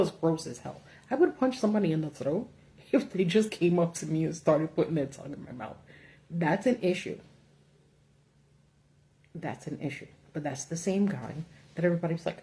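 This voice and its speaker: A woman with a low, mellow voice hosts a casual livestream from home. She rants bluntly and swears freely, working loosely from her notes. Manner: blunt, profane, animated ranting. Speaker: political commentary host. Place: home setup with a ring light.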